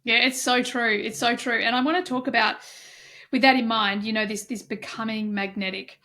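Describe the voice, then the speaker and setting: A woman's voice: a little high, fairly even intonation, moderate pace, bright, forceful tone. A woman hosting a podcast interview, enthusiastic and effusive, chatting casually with many fillers. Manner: enthusiastic and effusive, lots of "like" and "you know". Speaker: podcast host.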